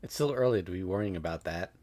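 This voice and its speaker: A man's voice: low-pitched, expressive, fast, mellow. A man reading a cocky, sarcastic servant warrior. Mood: wry. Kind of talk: reading game dialogue aloud.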